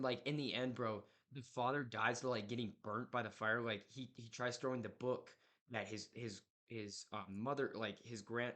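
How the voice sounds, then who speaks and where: A man's voice: mid-range voice, a bit bright. A young man in casual chat, retelling a horror movie plot in a rambling way, full of filler words and slang.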